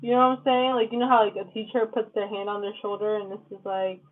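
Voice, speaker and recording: A woman's voice: medium pitch, steady tone, fast. A woman giving a casual tarot reading, blunt and profane, full of "like" and "okay?". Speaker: tarot reader. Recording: lo-fi phone-like sound.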